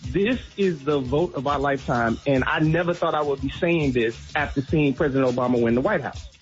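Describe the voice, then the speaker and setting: A man's voice: mid-range voice, brisk. A man, a radio guest commentator, talking casually but emphatically as he explains politics. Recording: dull lo-fi line with faint music.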